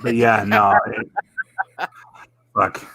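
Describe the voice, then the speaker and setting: Husky man swearing through stories. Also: lowish voice, animated, very slow, sharp tone, no room sound, low-quality recording. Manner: profane, laughing storyteller. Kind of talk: casual live stream chat.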